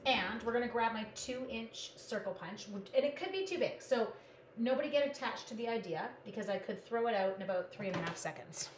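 A woman's voice: fairly high pitch, animated, fairly quick, a little hiss or hum. Bubbly, chatty woman crafting live. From Canada. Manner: bubbly, playful, chatty, talks to her supplies. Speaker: live-stream crafting host. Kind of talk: casual live-stream chat with viewers.

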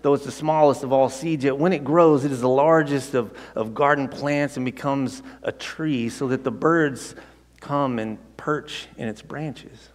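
A male pastor preaching a sermon, conversational and animated, telling the story with frequent restarts. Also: mid-range voice, measured pace. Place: church sanctuary. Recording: long hall reverb.

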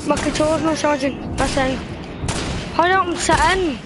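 A woman chatting casually with friends while playing a game, teasing them and bursting into excited shouts. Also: sits high, normal speed. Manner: playful trash talk, bursts of excited shouting. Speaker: gamer streaming with friends. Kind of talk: casual gameplay chat. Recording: noisy background.

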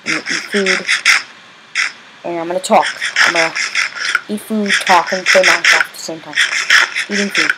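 A man giving rambling, chatty video game commentary as a channel host, breaking into exasperated yelling when things go wrong. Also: sits high, steady tone, moderate pace, pauses often, heavy background noise.

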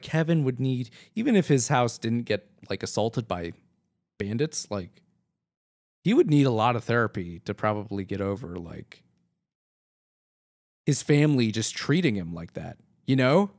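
A man's voice: mid-range voice, expressive, normal speed, a little mellow. A man co-hosting a film commentary podcast, talking through his analysis in a loose, rambling way full of fillers. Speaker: podcast co-host.

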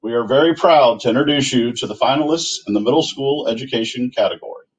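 A man's voice: mid-range voice, quick pace. A man, a company executive, presenting an award category by reading formal prepared remarks. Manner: formal, steady. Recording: dull, lo-fi audio.

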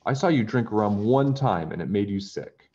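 A man voicing a gentle, stubborn male pirate in a storybook, in a raised, earnest tone. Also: lowish voice, expressive, moderate pace, highs cut off. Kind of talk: storybook character voice.

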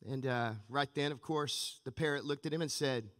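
Pastor preaching in a reverberant hall. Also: male voice, medium pitch, moderate pace, hardly any pauses. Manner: energetic storytelling preacher. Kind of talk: sermon. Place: church sanctuary. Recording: long reverb of a large church hall.

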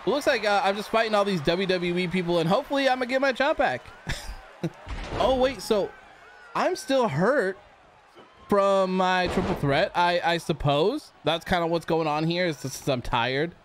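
Excitable high-voiced man playing a game. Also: normal speed. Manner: excitable, reacts loudly to the game, talks to characters. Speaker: gaming channel host. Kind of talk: let's play commentary. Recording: clear background noise.

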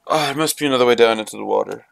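A man's voice: mid-range voice, rapid-fire, creaky, a bit bright, no echo. A man giving running let's play commentary on a game, swearing often and talking to himself and at the game. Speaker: gamer.

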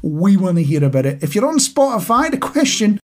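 A man's voice: high voice, big pitch swings, brisk, a little mellow. A man co-hosting a casual chat podcast, talking to listeners directly with wry, dry humour. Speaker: podcast co-host.

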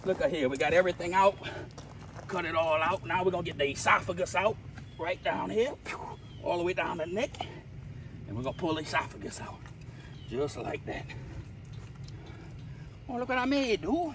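A man's voice: lively intonation, normal speed, pauses often. A man with a Louisiana Cajun accent hosting a hands-on how-to demonstration, boisterous and full of slang. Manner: boisterous and slangy, says dude and boom a lot. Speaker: host. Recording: distant mic with loud outdoor noise.

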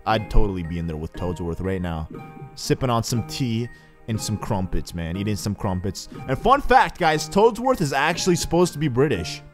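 A man's voice: fairly low pitch, big pitch swings, normal speed, soft background music. Rambling, joking let's play guy. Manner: rambling, joking, says "man" often. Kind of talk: casual gameplay commentary.

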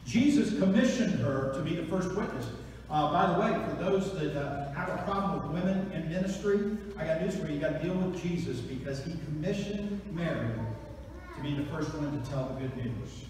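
A man preaching an Easter sermon, dropping to hushed tones and then rising to excited shouts. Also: high voice, a little hiss or hum. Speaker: pastor. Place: large church sanctuary. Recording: echoey church hall from far off.

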